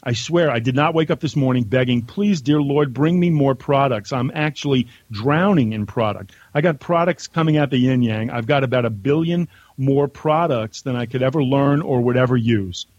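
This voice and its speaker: Guy reading his letter out loud, plain blunt delivery, dry slightly muffled audio. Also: mid-range voice, moderate pace, dry recording. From United States. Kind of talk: casual chat and reading aloud.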